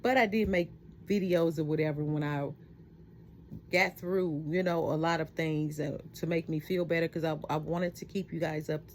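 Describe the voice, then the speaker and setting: A middle-aged woman talking heartfelt and reflective in a personal vlog at home at night, halting often with fillers. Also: deep voice, fairly even intonation, darkish tone, slight background noise. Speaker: vlogger.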